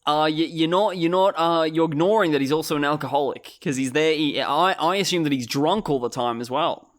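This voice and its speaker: A man's voice: on the high side, a little fast. Laid-back man sharing theories. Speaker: podcast co-host. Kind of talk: casual film discussion.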